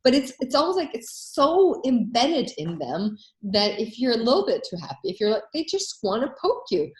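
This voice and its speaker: A woman hosting a coaching workshop, telling anecdotes in a casual, animated way and acting out the voices she quotes. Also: on the high side, moderate pace, echoey room.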